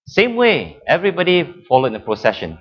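A man preaching a sermon with emphatic, drawn-out phrasing, dramatic pauses and frequent repetitions. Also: fairly high pitch, wildly swooping pitch, highs cut off.

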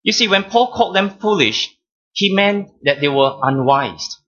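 A man preaching a sermon as pastor, teaching deliberately, stressing key words and repeating phrases. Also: sits high, expressive, fairly bright tone, dull audio.

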